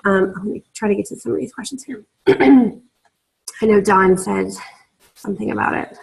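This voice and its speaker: A woman's voice: mid-range voice, normal speed, gravelly, low-quality recording. Chatty woman on a training call, lots of ums and likes, laughs easy. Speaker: team leader giving sales training.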